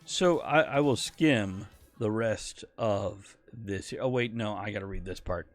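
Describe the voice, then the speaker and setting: A man's voice: fairly low pitch, a little slow, faint music behind. Profane laughing podcast host guy. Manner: profane, laughs while reading. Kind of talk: casual chat.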